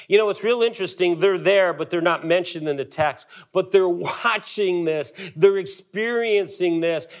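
Emphatic middle-aged male pastor preaching. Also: on the high side. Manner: emphatic preaching, dramatic pauses and repetitions. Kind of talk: sermon.

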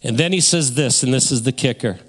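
A man preaching a Sunday sermon as pastor, emphatic and swinging his pitch up and down to stress key points. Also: fairly quick, husky, big-room sound. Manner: emphatic, shifting pitch for stress and quoted voices.

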